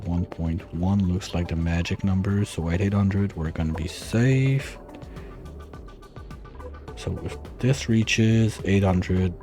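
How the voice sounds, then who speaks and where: A man's voice: deep voice, warm tone. A man giving casual let's-play commentary, thinking aloud and muttering his calculations as he plans. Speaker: gameplay streamer.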